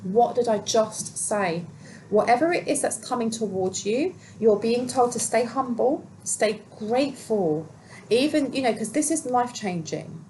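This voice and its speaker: A woman's voice: a little high, lively intonation, normal speed, dark tone, slight background noise, poor audio. A woman giving a casual collective tarot reading. She rambles with many fillers and talks to herself while she handles the cards. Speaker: tarot reader.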